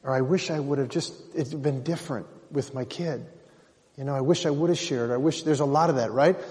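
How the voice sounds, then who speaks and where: A man's voice: medium pitch, fairly quick, a little mellow, long reverb tail. An older man leading a faith gathering, speaking in an earnest, encouraging, folksy way. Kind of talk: informal faith talk.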